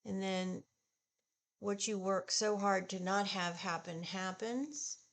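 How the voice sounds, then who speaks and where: A woman in her sixties chatting slowly and haltingly while she does her makeup, sounding upset and discouraged. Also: medium pitch, fairly even intonation. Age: 60s. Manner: slow, subdued and halting, with sighs. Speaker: beauty vlogger. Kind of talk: casual get-ready-with-me chat.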